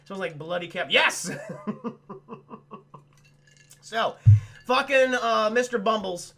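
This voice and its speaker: A man talks his chat through a film in a crude, comic recap, swearing freely and mocking everyone he describes. His voice sits high with a gravelly fry and a bright, sharp edge. The sound is a close desk mic at a streaming setup. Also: expressive, takes it slowly. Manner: profane, rambling, mocking impressions.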